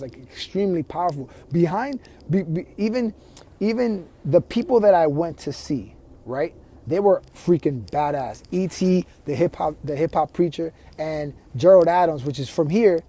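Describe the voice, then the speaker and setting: A man's voice: a little high, warm tone, slightly rough. Earnest man coaching his viewers. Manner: earnest, talks straight to viewers; restarts and repeats words often. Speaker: life coach. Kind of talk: motivational vlog monologue.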